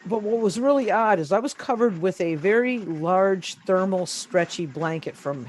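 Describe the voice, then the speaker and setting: Picture a woman guest on a video call recounting a strange personal experience. She speaks casually and haltingly, stumbling and repeating words as she gathers her thoughts. The sound comes through a home computer mic. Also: medium pitch, lively intonation, rough recording. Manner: hesitant, halting, repeats words when searching. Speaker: interview guest. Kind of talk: casual first-person storytelling.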